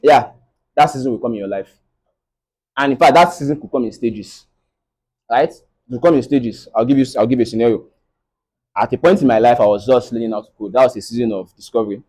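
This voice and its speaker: Talking fast and pausing often, a young Nigerian man with a Nigerian English accent gives a faith-based motivational talk to a live audience like a preacher, repeatedly asking "right?" His mid-range voice has a dark, slightly rough tone, and the audio quality is poor.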